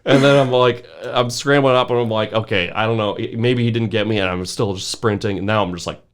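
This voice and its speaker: A young man with a fairly low voice spins a rowdy anecdote on a podcast. He laughs his way through it, tossing "like" into nearly every phrase as he talks. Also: fairly quick, clean tone. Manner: animated, laughing, full of "like" fillers. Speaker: podcast guest. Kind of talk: casual storytelling.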